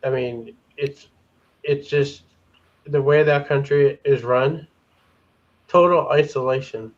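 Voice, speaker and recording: Male panel guest, hesitant and halting, average pitch; heard over a dull remote line. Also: steady tone. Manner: hesitant, repeats words, restarts. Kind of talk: casual opinion chat.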